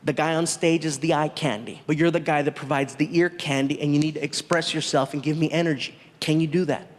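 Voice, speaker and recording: A male comedian voicing a calm, encouraging male film director, somewhat lower than his own voice, during a stand-up set. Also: fairly quick, close to an everyday voice. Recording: live hall recording with reverb.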